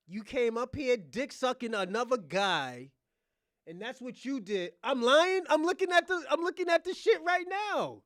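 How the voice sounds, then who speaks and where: A man with a very high, sing-song, slightly bright voice hosts a casual livestream rant at normal speed, mocking someone while laughing often and repeating himself. The studio-quality audio has no room sound.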